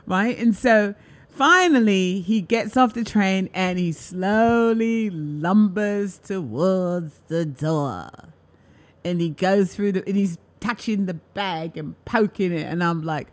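A woman hosting a talk show, chatting casually and telling an animated story, acting out what people said. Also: medium pitch, a little slow. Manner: animated, acts out quotes in lively voices. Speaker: host.

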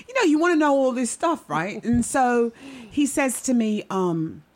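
A middle-aged woman doing stand-up, telling stories in a chatty, animated way and often asking the audience "right?". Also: a little high, normal speed. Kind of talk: stand-up storytelling.

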